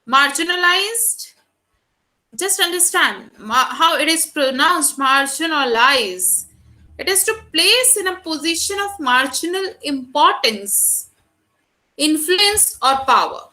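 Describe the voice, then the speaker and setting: A woman with an Indian accent delivers an online lecture in a high voice. She speaks straight to her students and works through lists of key terms one by one. Her tone is bright and clear. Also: animated, measured pace, rough recording. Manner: addresses students directly, reads out lists of terms.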